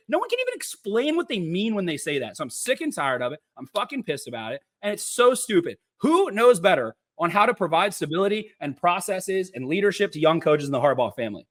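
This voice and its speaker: Fired-up man ranting, high lively voice. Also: fairly quick. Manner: profane, sarcastic, mocks critics in a whiny voice. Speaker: podcast co-host. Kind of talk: heated sports podcast rant.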